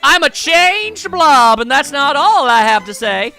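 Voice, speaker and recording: A man's voice: very high voice, very animated, a little slow, vocal fry, bright, forceful tone, soft background music, voice pushed up, exaggerated voice. A man voicing a goofy, earnest reformed blob monster from a video game, in a drawling, sing-song delivery.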